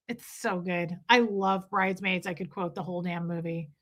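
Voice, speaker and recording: A woman's voice: on the low side, steady tone, moderate pace, few pauses, fairly bright tone. A woman hosting a livestream, chatting casually with viewers, reading their comments and gushing over favorite films. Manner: gushing and exclamatory, quoting film lines. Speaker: livestream host.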